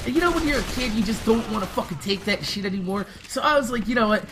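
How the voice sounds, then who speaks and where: A young man with a high voice, telling a rambling, heavily profane storytime over gameplay and laughing often. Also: expressive, fast talker, background noise. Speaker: gaming video creator.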